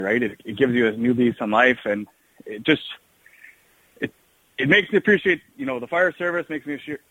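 Grateful young man, halting. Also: medium pitch, fairly bright tone, no room sound, rough recording. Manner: grateful, emotional, hesitant. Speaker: kidney recipient, firefighter.

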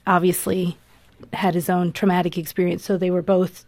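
A woman's voice: on the low side, flat delivery, normal speed, a little mellow, no room sound. A mother, a guest on a radio interview, tells her story in an earnest, emotional way. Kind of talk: personal testimony in an interview.

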